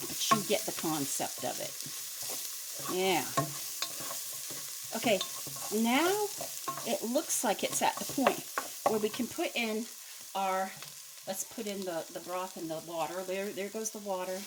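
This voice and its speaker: Slow-talking folksy woman cooking at home. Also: mid-range voice, lively intonation, background noise. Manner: chatty, folksy, self-deprecating. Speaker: cooking channel host. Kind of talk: home cooking demonstration with jokes. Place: home kitchen. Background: faint frying sizzle.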